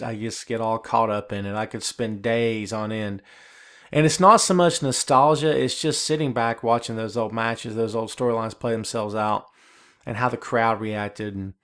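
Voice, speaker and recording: A man's voice: mid-range voice, fairly bright tone. A man with a Southern US accent from the Carolinas, hosting a solo podcast in a chatty, rambling way with many fillers and restarts. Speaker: podcast host. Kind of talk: casual solo podcast talk.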